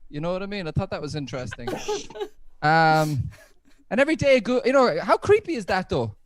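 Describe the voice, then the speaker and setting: A man's voice: high-pitched, no room sound. A man performing a stand-up comedy set from home over a video call. He chats along and laughs at his own jokes.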